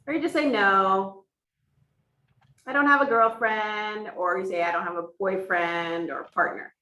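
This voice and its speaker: A woman with a mid-range, sharp-toned voice speaks a little slowly, interpreting for a teacher by voicing a sign language lesson in the first person. She explains each point step by step in a classroom hosting a hybrid in-person and online class, recorded from far off in an echoey room.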